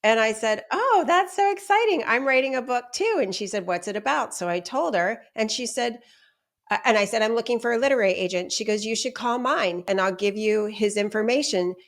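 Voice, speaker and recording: A woman in her fifties hosting a talk show, chatting casually and quoting herself and others in lively asides. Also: mid-range voice, a little fast. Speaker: podcast host. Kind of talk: casual chat, personal storytelling.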